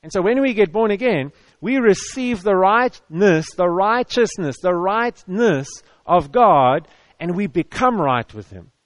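A man with a high-sitting, animated voice preaches unhurriedly to an audience in a church hall. His sermon is conversational and repetitive, full of stammered restarts, and the audio has no echo.

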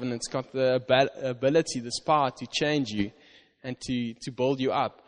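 A man preaching a sermon, reading scripture slowly and earnestly with stress on "you", often restarting his words. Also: medium pitch, steady tone. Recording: long hall reverb.

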